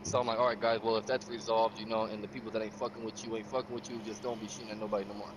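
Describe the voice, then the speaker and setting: A man's voice: on the low side, little pitch movement, rapid-fire, background noise. A man casually recounting a game session, profane and streetwise, acting out the quotes of other players. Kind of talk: casual storytelling.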